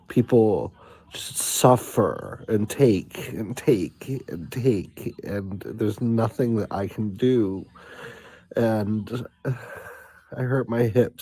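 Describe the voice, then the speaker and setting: Guy putting on a mopey sighing woman stuck in bed, slow low whiny drone, dry sound. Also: dark tone, slightly rough, no echo, exaggerated voice. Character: gloomy bedridden woman complaining in a sighing drone. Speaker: guest doing an impression.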